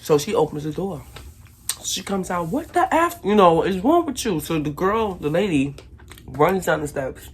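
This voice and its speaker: A woman from Brooklyn, telling a casual storytime to her viewers and acting out the shouting in it. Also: lowish voice, normal speed, noisy background. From Brooklyn, New York. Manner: animated, acts out shouted quotes. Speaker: vlogger.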